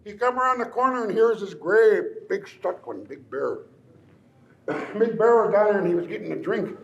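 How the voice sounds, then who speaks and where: A man's voice: sits high, lively intonation, moderate pace, creaky, highs cut off, soft background music. An older man, a tribal elder, telling a traditional story in a playful, chuckling, teasing way. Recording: echoey room, faint ambience.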